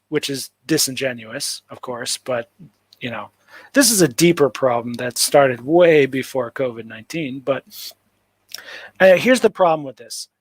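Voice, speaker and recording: A man's voice: medium pitch, slightly rough, no room sound, rough recording. A man hosting a casual livestream, picking apart a notice with sarcastic, rambling commentary full of "like" fillers. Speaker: livestream host. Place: home livestream setup.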